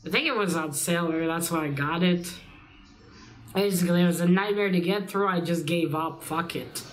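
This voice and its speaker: A young woman with a lowish voice chats loosely about her books, wandering between thoughts and dropping the occasional swear. She has a slight cold that roughens the edges of her casual vlog talk. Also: moderate pace. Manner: rambling, casual, swears lightly. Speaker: book vlogger. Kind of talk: casual reading vlog chat.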